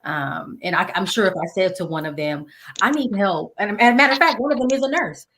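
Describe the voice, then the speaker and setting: A woman's voice: medium pitch, fairly quick, fairly bright tone, a little hiss or hum. Female guest, mid-range voice, conversational and reassuring. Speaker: guest, public health advocate. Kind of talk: casual interview talk.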